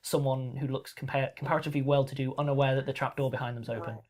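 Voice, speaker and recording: A man's voice: mid-range voice, little pitch movement, racing, darkish tone. A man narrating as game master, chatty and rambling with many fillers.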